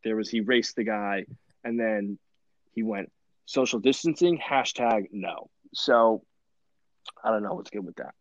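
A young man telling stories in a rambling podcast chat, animated and full of fillers and laughs. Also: fairly low pitch, unhurried, pauses often, no room sound, dull audio. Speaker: podcast host. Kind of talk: casual storytelling chat.

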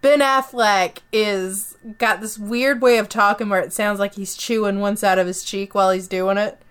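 Chatty Southern woman with smooth voice. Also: mid-range voice, moderate pace. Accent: Southern US country. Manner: chatty, animated, lots of fillers. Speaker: podcast co-host. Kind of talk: casual movie review chat.

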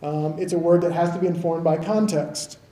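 Male pastor, 30s, from the South; chatty sermon delivery, high and warm, roomy church sound. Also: fairly even intonation, brisk. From American South. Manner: conversational, asks the congregation "right?" often.

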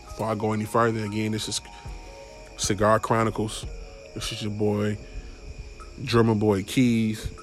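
Young male podcast host, low flat delivery, rambling, cursing, faint music underneath. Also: normal speed, long pauses. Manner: rambling, stumbling over words, swearing. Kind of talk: casual solo podcast monologue.

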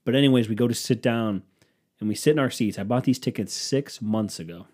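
A man casually telling a profane, sarcastic story and acting out what others said in quick impressions. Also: medium pitch, darkish tone. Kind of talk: casual storytelling with acted-out quotes.

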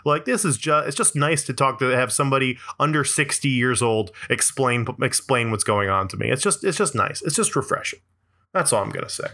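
A man's voice: medium pitch, animated, a little fast, pushed and bright. A man giving a rambling, profane comedic monologue, peppered with "like" and "uh" and frequent laughs.

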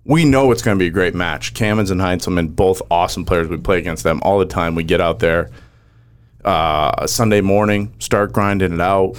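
Low-voiced man telling a golf story. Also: smooth. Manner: animated storyteller, rapid play-by-play recounting. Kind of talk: casual chat.

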